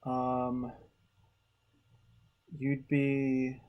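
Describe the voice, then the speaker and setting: An artist chatting casually while drawing, relaxed and rambling, with frequent swearing and trailing restarts. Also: medium pitch, very slow, lo-fi sound. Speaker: artist hosting a drawing video.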